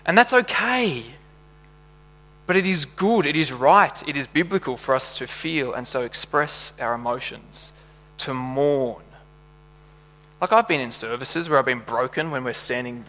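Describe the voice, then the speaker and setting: Male preacher, earnest sermon delivery, bright forceful tone, echoing church-hall sound. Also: a little high. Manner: earnest, builds to passionate emphasis. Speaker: pastor.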